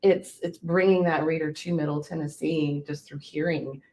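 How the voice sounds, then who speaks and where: Woman host, light southern accent, lower voice, chatty and laughing. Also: fairly even intonation, normal speed, warm tone. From South Louisiana. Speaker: podcast host. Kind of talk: casual interview chat.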